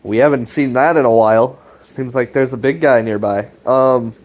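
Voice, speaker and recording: A man's voice: medium pitch, fairly even intonation, moderate pace, a little mellow. A man casually rambling through a recap of a web series, with lots of fillers, restarts and swearing.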